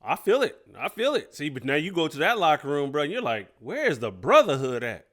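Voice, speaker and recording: A man's voice: a little high, fast. A man hosting a podcast, giving casual reaction commentary with slangy jokes and frequent laughs. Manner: animated, joking, slangy, laughs often. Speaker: podcast host reacting to a clip.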